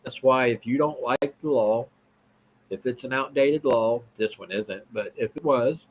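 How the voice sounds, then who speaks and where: A man's voice: mid-range voice, a little slow, poor audio. A man hosting a political live stream, talking bluntly, repeating himself and answering viewers' comments. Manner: blunt, repetitive, reads and answers chat.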